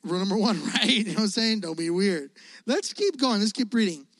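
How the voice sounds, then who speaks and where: A man preaching a casual, energetic youth sermon, telling stories and asking his listeners questions. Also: sits high, brisk, no echo. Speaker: youth pastor.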